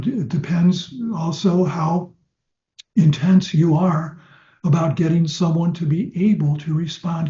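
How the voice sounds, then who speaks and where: An older man teaching clinical hypnosis in a conversational lecture style, telling stories and slowing down to demonstrate gentle hypnotic suggestions. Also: fairly high pitch. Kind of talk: lecture to trainees. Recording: dull, roomy lecture-hall sound.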